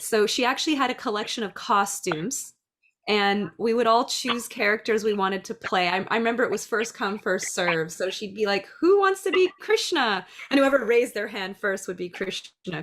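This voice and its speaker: A middle-aged woman who teaches dance and preschool, speaking in a chatty, lively way about classroom ideas. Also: mid-range voice. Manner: chatty, lively, acts out little voices. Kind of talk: casual talk.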